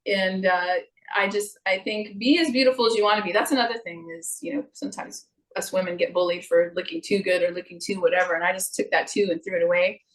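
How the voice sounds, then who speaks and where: A middle-aged woman guest talks about voice and singing in a relaxed interview. She is lively and expressive and sometimes drops into playful put-on voices to illustrate a point. Her pitch sits in a typical middle range for a woman. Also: fast talker, low-quality recording. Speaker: guest, singer and vocal coach. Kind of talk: casual interview chat.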